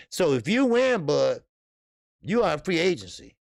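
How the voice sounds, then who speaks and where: Gravelly American boxing-stream host. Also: male voice, fairly high pitch, a little slow, no echo, clean studio sound. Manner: animated, talks straight to chat, many fillers and restarts. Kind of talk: live-stream commentary with chat.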